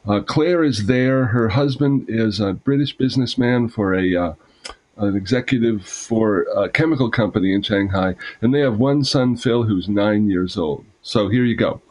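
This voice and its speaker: A man's voice: fairly low pitch, normal speed, a little mellow, rough recording. A man reading aloud from a memoir, then explaining it with fillers and restarts.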